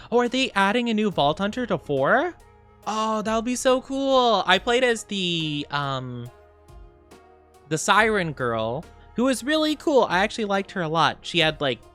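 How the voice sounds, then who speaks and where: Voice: medium pitch, a bit bright. A live streamer in casual chat with viewers, rambling and thinking aloud with lots of fillers.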